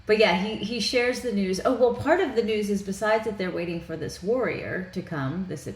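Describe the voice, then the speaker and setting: A woman co-hosting a podcast in casual movie review chat, chatty and quick to laugh. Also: mid-range voice. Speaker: podcast co-host. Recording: roomy echo, faint background noise.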